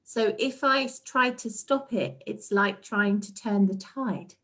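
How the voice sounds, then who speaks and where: A woman's voice: mid-range voice, a little slow, pushed and bright. A woman guest in a heartfelt casual chat, speaking earnestly and reflectively with frequent restarts.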